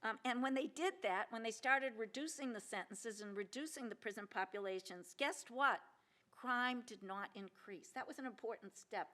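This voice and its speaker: An older woman speaks at a podium microphone in a lecture hall, giving a keynote. Her voice sits a touch high for a woman. She talks earnestly and stresses key points, stumbles into restarts and fillers, and puts questions to the audience. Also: brisk, hardly any pauses, a bit bright. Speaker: keynote speaker, federal judge. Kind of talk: conference keynote speech. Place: lecture hall at a law symposium.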